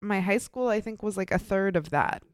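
Chatty woman with a smooth, crisp voice. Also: mid-range voice, moderate pace, dry recording. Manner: chatty and upbeat, heavy on fillers like "so" and "super". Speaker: podcast co-host presenting the case. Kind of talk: casual true crime podcast chat.

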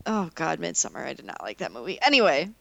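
A woman's voice: low voice, very animated, quick pace, vocal fry, no room sound, highs cut off. A woman co-hosting a podcast, recapping a movie in playful, giggly casual chat. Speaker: podcast co-host.

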